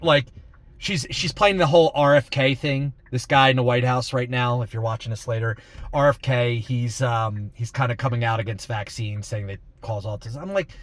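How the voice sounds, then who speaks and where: A man's voice: mid-range voice, normal speed, fairly bright tone, dry recording. A man vlogging from inside a car, talking in a blunt, rambling, exasperated way. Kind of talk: casual monologue.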